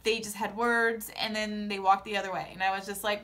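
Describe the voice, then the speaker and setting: A young woman vlogging sassy, animated, opinionated commentary in casual chat. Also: mid-range voice, brisk. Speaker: vlogger recapping a TV show.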